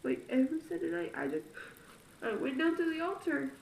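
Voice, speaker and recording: Tearful young woman with a high voice. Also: sing-song, brisk, creaky, darkish tone. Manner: emotional, tearful storytelling. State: crying. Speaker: vlogger. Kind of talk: personal confessional vlog. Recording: echoey room with faint noise.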